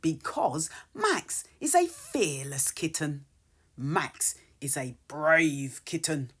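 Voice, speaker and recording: A woman reading a children's picture book aloud in a soft, whispery storytelling voice. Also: low-pitched, very animated, takes it slowly, breathy edge. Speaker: storybook reader.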